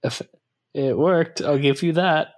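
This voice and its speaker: A man chatting casually as a tabletop player, asking brisk, practical questions. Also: on the high side, fairly even intonation. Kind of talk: casual chat.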